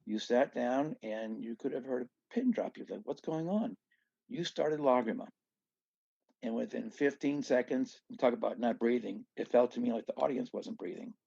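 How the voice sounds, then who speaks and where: A man from southeast Louisiana with a gravelly, creaky voice, speaking as a podcast guest in a dry, slightly dull recording. He tells long stories animatedly, doubling back on himself with asides and restarts. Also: mid-range voice, moderate pace, warm tone, no echo. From southeast Louisiana, USA. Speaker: guest musician. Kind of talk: storytelling in a casual podcast chat.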